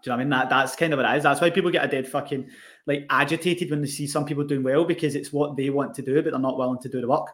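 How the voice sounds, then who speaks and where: A man's voice: mid-range voice, rapid-fire. A young Scottish man co-hosting a podcast, chatting casually with lots of swearing and laughter. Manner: animated, sweary, laughs often. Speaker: podcast co-host, online coach. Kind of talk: casual chat.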